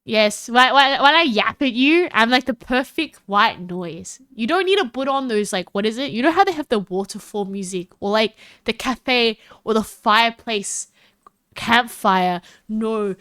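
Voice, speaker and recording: Australian woman, streamer, rambling casual chat, giggly, bright high voice, dry sound. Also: expressive, moderate pace, no room sound. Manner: rambling and giggly, with big jumps in pitch.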